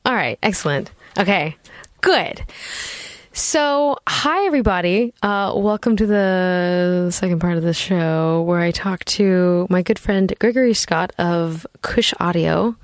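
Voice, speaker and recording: A woman's voice: lowish voice, a little slow, dry recording, studio quality. A woman hosting a podcast, chatting casually with a playful, self-mocking manner. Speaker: podcast host. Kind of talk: casual chat.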